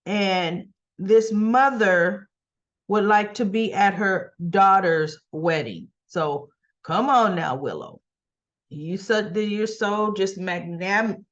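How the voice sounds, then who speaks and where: Slow-talking woman recapping soap episodes. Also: medium pitch, lo-fi sound. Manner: chatty, often asks "right?" and acts out quoted lines. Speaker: soap opera reviewer.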